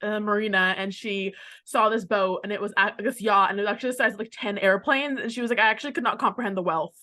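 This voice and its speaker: A woman's voice: medium pitch, steady tone, fast talker, bright, forceful tone. A young woman from Canada co-hosting a podcast in casual, rambling chat, leaning hard on "like". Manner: rambling, chatty, heavy use of "like". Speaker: podcast co-host.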